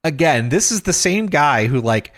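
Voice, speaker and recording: A man's voice: on the high side, very animated, normal speed, a bit bright. A man hosting a podcast, telling a long story in casual chat. He acts out the people he quotes, swears, and laughs as he goes. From Texas. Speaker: podcast host.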